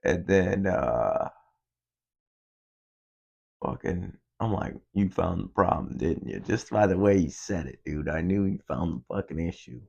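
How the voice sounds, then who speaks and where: A man's voice: low-pitched, a little slow, creaky, a little mellow, husky, highs cut off. A young man hosting a podcast, telling a rambling, profane story in a casual monologue. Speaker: podcast host.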